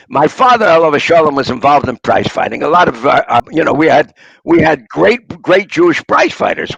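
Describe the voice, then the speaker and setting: A man's voice: a little high, vocal fry, fairly bright tone, no echo, rough recording. An older man, an author being interviewed, telling rambling anecdotes with punchlines. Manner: rambling raconteur, punchline storyteller. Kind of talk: anecdotal storytelling.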